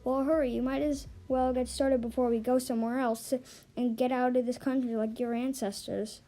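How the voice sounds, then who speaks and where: A pushy, bigoted mother who demands quick service , read aloud by a woman. The voice sits fairly high but has a dark, mellow tone. Faint music plays behind it. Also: fairly even intonation. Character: rude entitled middle-aged mother, bigoted and pushy.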